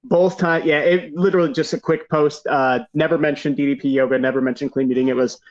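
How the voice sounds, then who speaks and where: A man from Michigan hosts a casual podcast, telling anecdotes with easy laughter. His voice sits slightly high for a man, and the recording is a bit dull and lo-fi. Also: fast. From Grand Rapids, Michigan. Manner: storytelling, relaxed, laughing. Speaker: podcast host. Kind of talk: casual chat.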